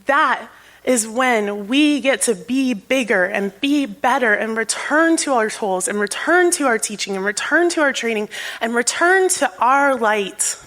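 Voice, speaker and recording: A woman's voice: a little high, lively intonation, a little slow, fairly bright tone. A woman minister giving a sermon in a church, with an earnest manner, rhetorical questions and a repeating cadence. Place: church sanctuary.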